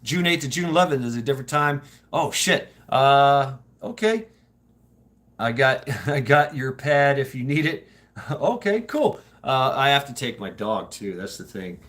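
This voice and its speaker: A man's voice: medium pitch, very animated, unhurried, fairly bright tone. A man hosting a casual live stream, chatting with viewers in a rambling, profane way, laughing often and restarting his sentences. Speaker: streamer host.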